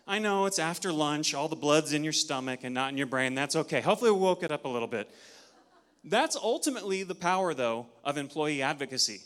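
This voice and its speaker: A man giving an energetic, interactive talk at a conference, leading the audience through counts, a little out of breath. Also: fairly high pitch, fast talker. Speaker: conference speaker. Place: large conference hall. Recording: long hall reverb.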